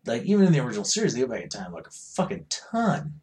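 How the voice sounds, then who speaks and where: A man co-hosting a casual podcast, profane and animated, acting out dialogue in quick bursts. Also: medium pitch. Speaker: podcast co-host.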